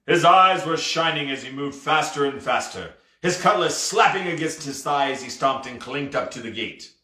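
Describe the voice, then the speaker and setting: A man's voice: on the high side, animated, moderate pace, bright, forceful tone, roomy sound. A man reading a novel aloud expressively, with casual asides. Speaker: storybook reader.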